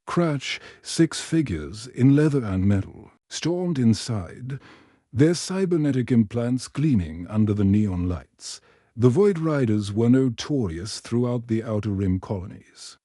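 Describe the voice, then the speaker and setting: A man narrating a scripted story in a steady, even way. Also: medium pitch, no echo, studio quality.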